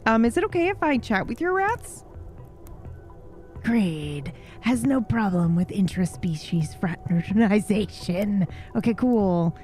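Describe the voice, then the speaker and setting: A woman's voice: mid-range voice, big pitch swings, takes it slowly, darkish tone, faint music behind. A woman streamer playing through a story game live, reading its text aloud and laughing often.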